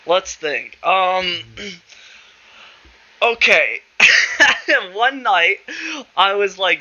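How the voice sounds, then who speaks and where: A man's voice: high voice, expressive, drawn-out words, pauses often, pushed and bright. A young man from Canada telling stories about his past, rambling, laughing often and swearing freely. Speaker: podcast host. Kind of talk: casual storytelling. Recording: slightly muffled recording.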